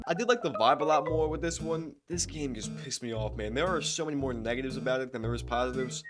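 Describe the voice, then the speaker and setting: A young man giving game review commentary, animated and ranting, with frequent swearing and laughter. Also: mid-range voice, fast talker, hardly any pauses. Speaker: gaming video creator. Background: soft background music.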